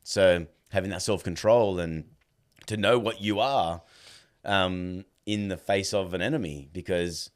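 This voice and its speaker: A man's voice: low-pitched, a little slow. A man, a podcast guest and dog trainer, chatting casually and acting out quoted dialogue as he tells stories. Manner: animated storyteller, acts out quoted dialogue. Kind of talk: casual conversation.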